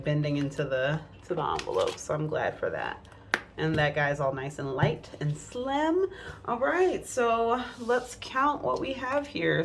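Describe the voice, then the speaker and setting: A woman's voice: low-pitched, slight background noise. A woman vlogging about her budget at home, chatting casually and counting bills aloud under her breath. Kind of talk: casual chat while counting cash. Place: at home indoors.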